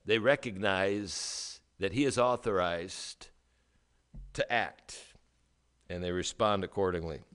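A man's voice: deep voice, a bit bright, clear, resonant tone. Resonant-voiced man preaching a sermon. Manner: emphatic preaching, rhetorical questions, dramatic pauses. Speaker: pastor.

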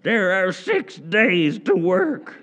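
A preacher voicing a cranky, indignant male synagogue ruler in a high, slow whine. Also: big pitch swings, fairly bright tone, muffled recording, exaggerated voice.

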